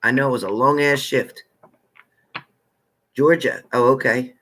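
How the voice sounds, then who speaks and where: Bright-voiced chatty man hosting a live stream. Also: mid-range voice, steady tone, measured pace. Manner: chatty, greets viewers by name in warm familiar terms. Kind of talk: casual live-stream chat with viewers.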